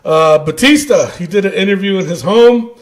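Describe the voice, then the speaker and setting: A man co-hosting a casual podcast, animated and quick to vent, laughing often as he talks. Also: high-pitched. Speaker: podcast co-host. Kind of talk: casual chat.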